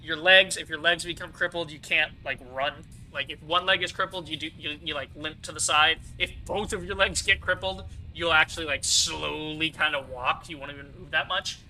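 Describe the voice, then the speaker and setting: Here a gaming streamer talks through his video game at normal speed with few pauses, his voice high-leaning, steady, bright, and forceful. The young man keeps it chatty and casual, explaining mechanics between fillers and asides, though the recording quality is low.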